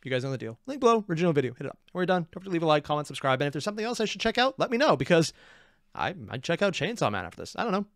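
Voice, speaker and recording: A man reacting to a video in casual commentary, rambling and giggly, over-caffeinated and jumping into high squeaks. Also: sing-song, very fast, dry recording, studio quality. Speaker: reaction streamer.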